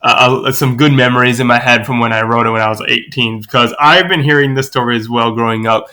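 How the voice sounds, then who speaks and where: Brief: a man spinning a lively anecdote, bright tone. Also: fast. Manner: lively storyteller, acts out quoted voices with big pitch jumps. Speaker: podcast guest. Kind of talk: animated anecdote telling.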